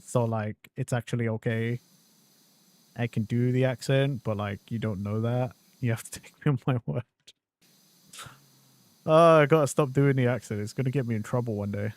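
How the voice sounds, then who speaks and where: A man streaming a game and commenting as he plays, excitable and quick to swear and burst into exclamations. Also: medium pitch. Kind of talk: gameplay commentary.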